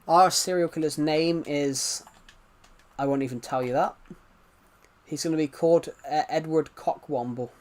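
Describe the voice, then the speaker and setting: A man's voice: fairly high pitch, steady tone, normal speed, long pauses. A young man chatting casually on a late-night game live stream, rambling and restarting his sentences. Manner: rambling, restarts, chuckling asides.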